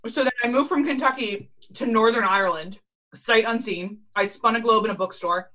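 A woman's voice: on the high side, moderate pace, sharp tone. A woman, co-hosting a casual chat over a call with wry quips and plenty of swearing. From Philadelphia, US. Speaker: podcast co-host. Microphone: remote call recording.

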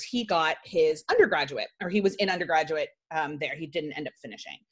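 Chatty woman podcast host telling a story. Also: fairly low pitch. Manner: chatty, peppered with "like", lively asides. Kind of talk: casual storytelling.

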